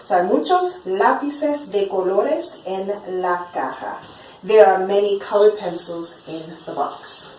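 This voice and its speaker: Woman teacher, upbeat and encouraging, repeats words slowly to drill them, recorded from a distance with room echo. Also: mid-range voice, a little mellow, a little hiss or hum. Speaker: Spanish teacher. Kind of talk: classroom lesson at a whiteboard. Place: classroom with a whiteboard.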